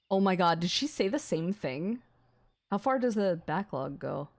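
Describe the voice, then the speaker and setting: A young adult woman streamer reading a visual novel aloud on a gaming stream, excitable and swearing between gasps and laughs. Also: fairly low pitch, measured pace, pauses often.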